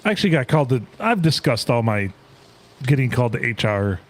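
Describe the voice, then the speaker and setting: Lively, jokey male podcast host. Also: medium pitch, a little fast. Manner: jokey, laughs often, plays bits. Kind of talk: casual chat.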